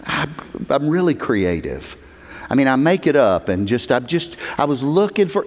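A man preaching a sermon as pastor, emphatic, repeating words for stress and swinging from hushed tones to near-shouting. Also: medium pitch, big pitch swings, normal speed. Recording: long hall reverb.

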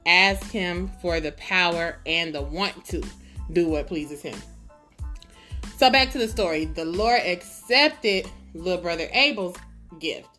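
A woman teaching a Bible lesson in a lively, conversational and humorous way. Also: lowish voice, unhurried, soft background music. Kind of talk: casual Bible lesson retelling.

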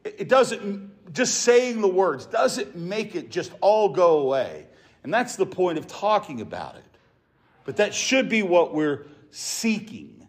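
A man's voice: high-pitched, very animated, measured pace. A man preaching a sermon to his congregation in an earnest, emphatic way. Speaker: pastor.

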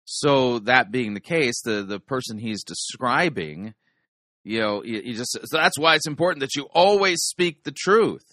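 A man cuts into a sermon recording with blunt doctrinal commentary. His voice is bright and forceful, recorded dry and close with no room sound. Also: mid-range voice, expressive, unhurried, dry recording. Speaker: sermon reviewer.

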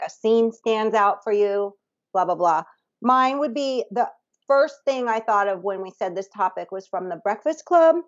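Giggly chatty woman, lo-fi sound. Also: medium pitch. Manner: giggly, chatty, sings snippets. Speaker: podcast co-host. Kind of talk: casual chat. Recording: dull lo-fi sound.

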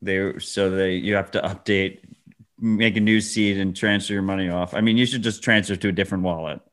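A man's voice: low voice, fairly even intonation, fairly quick, fairly bright tone. A man co-hosting a podcast, chatting casually and ranting in a laid-back way. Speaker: podcast co-host. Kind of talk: casual chat.

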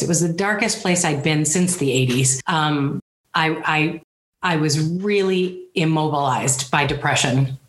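A woman's voice: deep voice, a bit bright, reverberant. A woman speaking as an interview guest, earnest and rambling, with self-deprecating humor. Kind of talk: candid personal interview.

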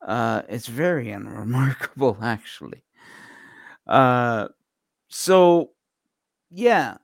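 A man co-hosting a casual podcast, talking with many fillers and pauses. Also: medium pitch, animated, vocal fry, no room sound, studio quality. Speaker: podcast co-host.

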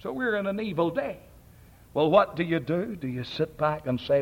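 A man's voice: a little high, big pitch swings, moderate pace, vocal fry. Middle-aged Ulster Scots man, fiery preacher, rolled R's, old lo-fi tape. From Northern Ireland. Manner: thundering, rolls his R's. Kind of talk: fiery sermon. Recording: dull lo-fi archive recording.

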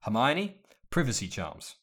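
A man voicing a teenage boy wizard who gives curt, calm orders. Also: medium pitch, unhurried, breathy edge, exaggerated voice. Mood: commanding.

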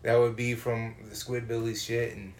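A man spins a profane, comic story. He is animated and acts out the people he runs into. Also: mid-range voice, moderate pace. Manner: animated, swears a lot, acts out voices.

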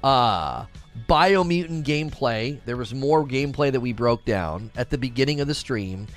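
Middle-aged male streamer, animated and chatty, mid-pitched voice with a lively range. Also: moderate pace, faint music behind. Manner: animated, chatty, addresses viewers directly. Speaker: gaming news livestreamer. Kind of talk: casual livestream chat.

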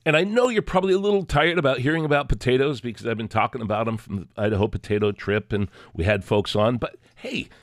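A man's voice: mid-range voice, fast, few pauses, no echo, studio quality. A man hosting a produce podcast, upbeat and folksy in casual interview chat. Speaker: podcast host.

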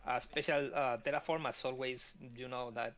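A man's voice: mid-range voice, steady tone, moderate pace, fairly bright tone. A man who is a guest on a podcast, talking in casual chat and often stopping to search for words, with many fillers. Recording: dull lo-fi audio.

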